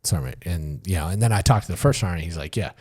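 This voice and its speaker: Deep-voiced middle-aged man telling stories. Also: expressive, fast talker, darkish tone, slightly rough. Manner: loose and conversational, many fillers, acts out dialogue, swears. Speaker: podcast guest, retired army sergeant major. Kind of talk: casual interview storytelling.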